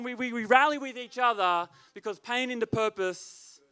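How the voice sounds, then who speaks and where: A man's voice: very high voice, normal speed, bright, forceful tone, clear, resonant tone. A man preaching as youth leader, with emphatic, repetitive delivery. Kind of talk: sermon.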